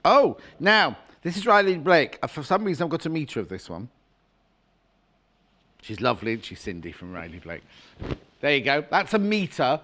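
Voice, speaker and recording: A man's voice: a little high, very animated, normal speed, pauses often, sharp tone. A middle-aged man presenting fabrics on a live home-shopping channel, chatty and gushing with jokey asides.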